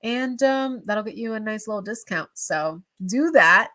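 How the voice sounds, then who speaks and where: A woman's voice: mid-range voice, lively intonation, unhurried, bright, forceful tone. Chatty young woman reacting to a dating show, bubbly and emotional, talks straight to camera. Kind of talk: casual reaction commentary to camera.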